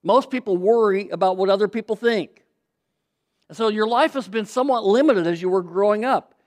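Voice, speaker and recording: A man with a notably high voice preaches a sermon from a stage mic. He drives his points home by repeating phrases and getting the crowd to answer back. His delivery is emphatic and built for a congregation. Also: a little fast, a little mellow. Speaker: pastor.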